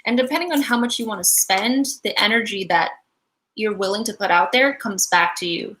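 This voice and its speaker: A woman's voice: mid-range voice, a little fast, a bit bright. A woman giving a live-stream angel card reading, chatty and giggly, full of likes and ums.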